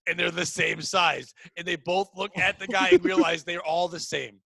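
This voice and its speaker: A man hosting a casual comedy podcast, riffing excitably on a movie idea and bursting into shouted bits. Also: sits high, moderate pace, vocal fry, no room sound, rough recording. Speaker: podcast host.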